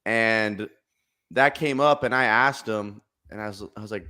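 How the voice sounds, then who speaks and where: A man's voice: mid-range voice, a little fast. Sarcastic young man telling stories. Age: 20s. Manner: sarcastic, animated storytelling. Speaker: podcast co-host. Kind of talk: casual sports chat.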